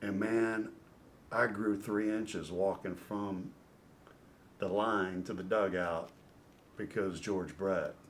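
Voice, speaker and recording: A middle-aged man, a former pitcher turned announcer, telling an animated story as a podcast guest. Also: slow, slight background noise. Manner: lively storyteller with rising excitement and reflective close.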